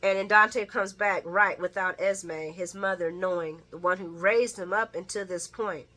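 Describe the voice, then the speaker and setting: A woman chatting casually through a soap opera recap, sassy and quick to laugh, with slangy asides to the characters. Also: lowish voice, fairly even intonation, bright, forceful tone.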